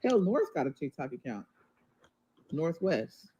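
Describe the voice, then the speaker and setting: A woman's voice: sits low, very animated, unhurried, dark tone, lo-fi sound, slight background noise. A mother talking to viewers on a livestream, rambling and emotional, often turning to the audience with y'all. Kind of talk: casual livestream talk to viewers.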